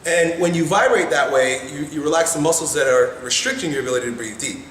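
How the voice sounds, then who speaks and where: Brash male self-help vlogger, mid-pitched, swears freely; roomy echo, light background hiss. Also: fast talker, fairly bright tone. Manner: blunt, profane, keeps asking "right?". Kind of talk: casual coaching monologue. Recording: echoey room with faint noise.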